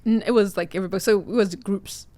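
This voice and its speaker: A woman's voice: medium pitch, steady tone, fast talker, darkish tone. Young woman, chatty podcast guest. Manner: chatty storyteller, laughs easily. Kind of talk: casual podcast chat.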